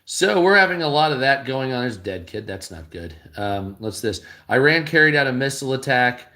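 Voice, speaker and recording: A man's voice: medium pitch, expressive, fairly quick, pushed and bright. Blunt, profane male commentator. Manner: blunt and heavily profane, reading headlines aloud. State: tired, low energy. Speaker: online news commentator. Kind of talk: casual reaction commentary.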